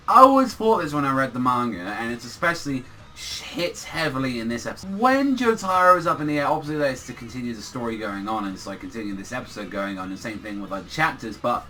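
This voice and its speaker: Young guy reviewing an anime ep, kinda high bright voice, swears constantly, rambles. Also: fairly quick, slight background noise. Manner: animated, swears a lot, rambling. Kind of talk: casual episode review.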